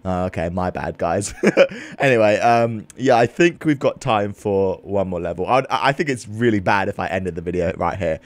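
A young man, reacting loudly and swearing while narrating a video game. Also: lowish voice, normal speed, dry recording. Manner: excitable, swears, mock accents. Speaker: gaming YouTuber. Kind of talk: let's play commentary.

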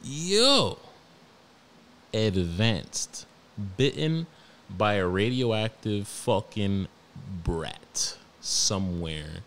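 A young man with a New York accent, hosting a podcast and telling stories about his toddler in a profane, animated, slangy way. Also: lowish voice, drawn-out words, a little hiss or hum. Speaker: podcast host. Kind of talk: casual storytelling monologue.

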